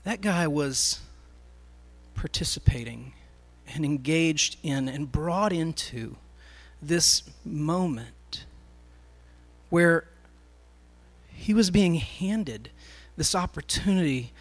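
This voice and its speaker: A man's voice: a little high, animated, slow, long pauses. A man speaking to a live congregation, telling a story in a sermon as he addresses the crowd directly.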